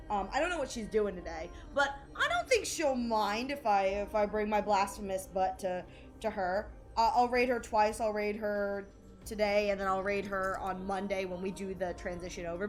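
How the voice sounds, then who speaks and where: A young adult woman streaming from home, chatting casually with her viewers, giggling often and restarting her sentences. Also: medium pitch. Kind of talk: casual live-stream chat with chat readers.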